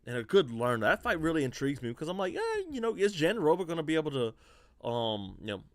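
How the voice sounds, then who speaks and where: A man hosting a relaxed livestream, his pitch swinging up and down as he jokes and laughs. His voice sounds close and dry, with no room echo around it, like a home computer mic on a video call. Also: fast. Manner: laughs often, animated, slangy. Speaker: podcast host. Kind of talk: casual livestream chat.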